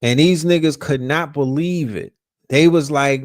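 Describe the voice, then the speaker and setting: A man from Brooklyn with a strong New York accent spins loose, profane stories on his podcast. His voice sits fairly high and he keeps restarting his words as he builds momentum. The recording is dry and close, with no room sound. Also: measured pace, no room sound. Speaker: podcast host. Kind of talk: casual storytelling.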